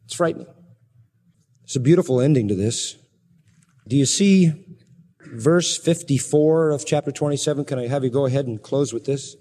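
A man's voice: on the high side, expressive, normal speed, a little mellow. A man preaching an expository sermon, emphatic, swinging his voice up and down to stress points. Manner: emphatic, rising and falling for stress. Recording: reverberant hall.

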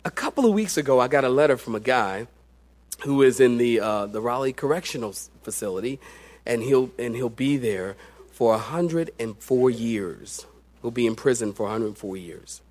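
A middle-aged pastor preaches with animated storytelling, swinging from loud excitement down to hushed tones. His voice is medium in pitch and moves at a moderate pace.

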